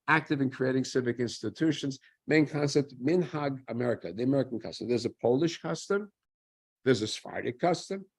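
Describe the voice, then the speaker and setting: Male lecturer with a husky voice. He asks himself questions, answers them with dry humor and keeps it conversational. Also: mid-range voice. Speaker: lecturer on Jewish history. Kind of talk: informal history lecture.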